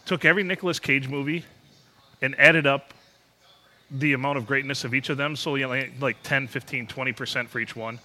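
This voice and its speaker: A man co-hosting a podcast, chatting casually and joking around with frequent laughter. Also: medium pitch. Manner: joking, animated, quick to laugh. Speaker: podcast co-host.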